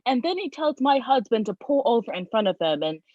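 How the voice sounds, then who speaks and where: A woman telling a personal story in a casual, animated way, with many fillers. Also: a little high, brisk, dry recording. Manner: animated, lively retelling with frequent fillers. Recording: dull, dry, lo-fi sound.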